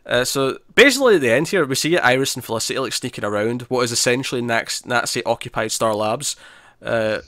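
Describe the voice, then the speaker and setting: A man's voice: medium pitch, animated, a little fast, sharp tone, dry recording, clean studio sound. A man co-hosting a podcast in casual chat, chatty and laughing often, acting out characters' lines. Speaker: podcast co-host.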